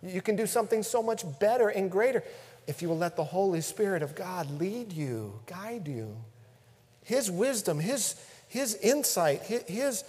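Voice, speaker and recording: A man preaching a sermon, dropping to hushed tones and rising to loud emphasis. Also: sits high, husky, long reverb tail. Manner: preaching with dramatic swings between hushed and loud. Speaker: pastor.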